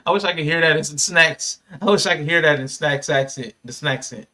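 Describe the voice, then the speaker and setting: A man's voice: fairly high pitch, brisk. A man co-hosting a casual podcast who jokes and acts out what people said. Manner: joking, animated, acts out quotes. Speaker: podcast co-host. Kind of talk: casual chat.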